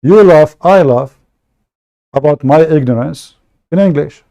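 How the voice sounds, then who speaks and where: A man's voice: a little high, a little slow, warm tone. A man from the Middle East with an Arabic accent, hosting a casual livestream monologue in a blunt, joking, self-mocking way and often repeating words. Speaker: online debate show host.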